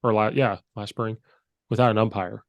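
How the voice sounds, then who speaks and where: A man's voice: lowish voice, fairly even intonation, moderate pace, no echo. A man hosting a podcast in casual chat, telling stories and acting out each person's lines. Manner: storyteller who acts out dialogue. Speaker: podcast host and high school coach.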